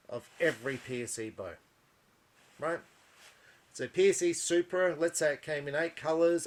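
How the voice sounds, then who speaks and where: An older Australian man who runs an archery shop, talking to camera in a blunt, exasperated way, full of rhetorical questions and tag questions. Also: fairly high pitch. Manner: blunt, exasperated, rhetorical, keeps asking "right?". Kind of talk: frustrated monologue to camera.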